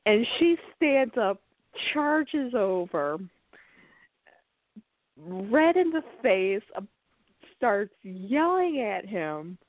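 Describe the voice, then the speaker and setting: A woman's voice: medium pitch, drawn-out words, pauses often, no room sound. Woman telling a story and cracking up, sounds like a phone line, dry. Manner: animated, laughs through her story. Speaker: podcast host. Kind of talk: casual storytelling.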